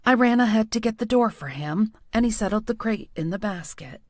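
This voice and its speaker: A woman's voice: mid-range voice, expressive, brisk, a little mellow, no echo. Woman narrating an audiobook, dry and close. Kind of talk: first-person scripted audiobook narration.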